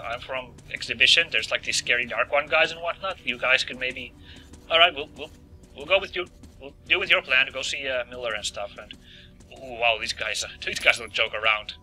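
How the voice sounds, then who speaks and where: A man's voice: mid-range voice, normal speed, soft background music, rough recording. A man commenting as he plays a video game, joking and talking to his viewers. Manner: joking, lively, talks to viewers. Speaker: let's play host. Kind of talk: gameplay commentary.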